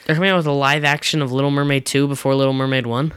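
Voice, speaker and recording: A man's voice: mid-range voice, little pitch movement, racing, fairly bright tone, smooth, dry recording, studio quality. A young man co-hosting a casual podcast, chatting and reading out news items. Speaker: podcast co-host. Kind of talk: casual chat.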